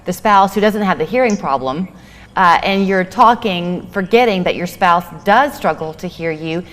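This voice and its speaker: A woman's voice: medium pitch, big-room sound. A woman hosting a TV talk segment, asking the guest leading questions in a conversational way. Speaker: TV host. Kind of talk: TV interview.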